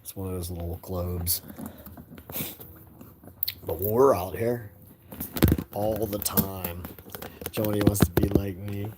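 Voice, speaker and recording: A man's voice: low-pitched, steady tone, slow, pauses often, very noisy. A man talking casually on a livestream at night from indoors by a window, rambling in an easygoing way and chuckling often. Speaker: livestream host talking to chat and his young son.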